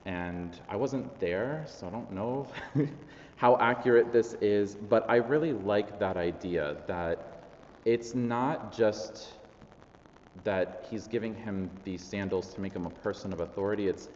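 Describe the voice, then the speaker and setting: A man's voice: fairly low pitch, measured pace, darkish tone, a little hiss or hum. A man preaching a sermon in a chatty, self-deprecating way, with lots of fillers. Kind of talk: conversational sermon. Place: large church hall. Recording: echoey church hall, slightly dull.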